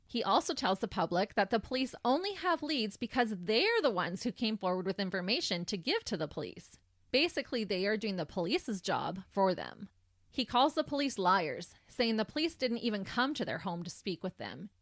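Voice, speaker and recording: A woman's voice: mid-range voice, big pitch swings, normal speed, no room sound, studio quality. A woman hosting a podcast, recounting a true crime case in a sardonic storytelling manner. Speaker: podcast host.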